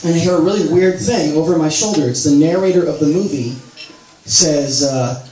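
A man in his late thirties performs a rambling, self-deprecating spoken word monologue, his voice sitting somewhat high. He is recorded from a distance in a roomy venue, with a crowd laughing around him. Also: normal speed. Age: late 30s. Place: small live venue with audience. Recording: roomy live recording from far off, crowd noise. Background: audience laughter.

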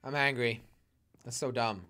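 A man's voice: mid-range voice, fairly even intonation, measured pace, bright, forceful tone, slight background noise. A young man streaming live gameplay, exclaiming and fretting aloud and answering his chat. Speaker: gaming streamer.

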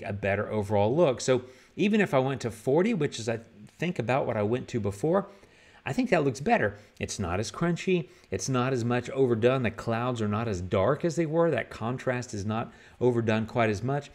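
A man hosting a photo-editing tutorial, talking casually and thinking aloud as he works. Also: mid-range voice. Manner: relaxed, conversational, thinks aloud with fillers. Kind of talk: casual screen-recorded software tutorial.

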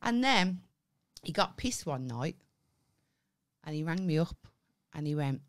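Speaking a little slowly in a low, very animated voice, a comedy podcast co-host tells a story in a casual chat. She acts out what people said and swears freely along the way.

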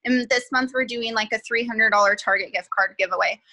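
Bubbly young woman, bright and dry. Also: on the high side, fairly quick, no echo, poor audio. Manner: bubbly, lots of fillers like "um" and "like". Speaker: guest team member sharing tips. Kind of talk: casual chat.

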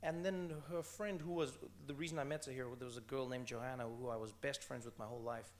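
A man in his thirties from South Africa, a guest in an interview, telling personal stories with animated energy and frequent restarts. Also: medium pitch, fast. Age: 30s. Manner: animated, repeats words when restarting, laughs while telling stories. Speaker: author and comedian guest. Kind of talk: conversational interview storytelling.

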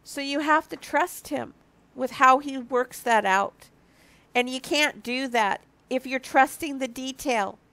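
Her voice is high and fairly bright, unhurried, with no room sound in the recording. A woman in her early fifties who works as a marriage ministry speaker, she offers an earnest, confessional devotional talk to viewers while teary and nearly crying, repeatedly restarting what she says.

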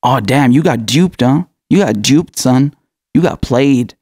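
A man's voice: medium pitch, expressive, measured pace, a little mellow, breathy edge, no echo, clean studio sound. A man giving sarcastic political commentary, mocking and taunting his listeners with rhetorical questions and frequent laughs.

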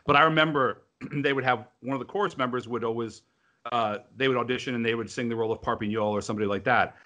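A man, an opera singer co-hosting a casual video-call chat, telling stories in an animated way with swearing and acted-out quotes. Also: mid-range voice, fast talker. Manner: animated, profane storyteller who acts out quotes.

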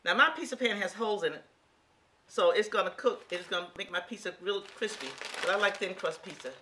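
Her medium-pitched voice is pushed and bright, and she talks fairly quickly. The woman, a home cook in her sixties, demonstrates a recipe in her kitchen for viewers in a relaxed, folksy, exclamatory manner.

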